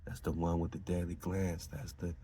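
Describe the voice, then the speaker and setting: A man's voice: sits low, little pitch movement, normal speed, dark tone, slight background noise. A man hosting a podcast who reads out and riffs on esoteric lore in an emphatic, preaching way. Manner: emphatic, preachy, laughs between lines. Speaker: podcast host. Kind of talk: reading aloud and riffing on esoteric lore.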